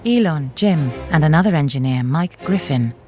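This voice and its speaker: A woman's voice: low-pitched, animated, normal speed. A woman giving scripted documentary narration. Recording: narration over music.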